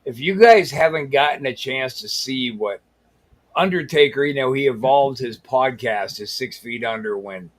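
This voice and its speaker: A man's voice: medium pitch, moderate pace. A man co-hosting a podcast, chatting casually about videos in a blunt, crude and enthusiastic way. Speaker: podcast co-host. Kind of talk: casual chat reacting to videos.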